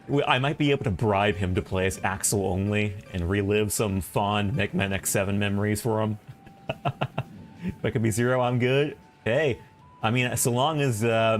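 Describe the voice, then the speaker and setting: A man chatting casually on a live stream, rambling with fillers and often laughing, his voice leaping up high whenever he gets excited.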